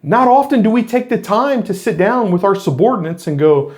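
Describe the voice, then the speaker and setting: A man's voice: high-pitched, expressive, fairly quick, a little mellow. A middle-aged man, a former police officer, talking earnestly in a reflective monologue to camera, explaining his points with frequent restarts.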